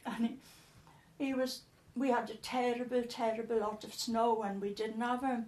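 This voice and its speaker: A woman's voice: a little high, flat delivery, unhurried, a little mellow, roomy sound. An older woman, telling stories in an interview in a chatty way, often repeating words as she recalls. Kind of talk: casual storytelling.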